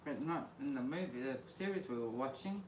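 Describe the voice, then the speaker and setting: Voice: medium pitch, expressive, brisk. A speaker chatting casually and playfully with a partner. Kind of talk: casual chat. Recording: distant roomy noisy mic.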